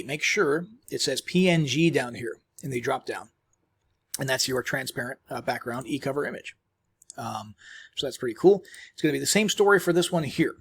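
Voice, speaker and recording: A man giving a casual, rambling screen-recorded software tutorial, chewing as he talks, with many fillers and restarts. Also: medium pitch, vocal fry, husky. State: chewing while talking. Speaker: tutorial host.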